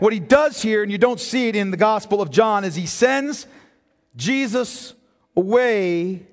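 A man preaching a sermon as pastor, swinging from hushed reading to shouted emphasis. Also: high voice. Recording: hall reverb.

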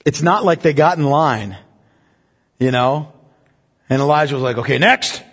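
A male preacher with a high voice teaches through a passage of scripture. He reads the verses slowly and solemnly, then breaks them down in a conversational tone, asking the listeners rhetorical questions. His voice rings with the long reverb of a large church hall. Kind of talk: expository sermon.

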